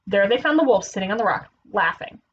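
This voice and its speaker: A woman teacher reading a children's picture book aloud, playful and expressive. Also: mid-range voice, fast, dull audio, a little hiss or hum.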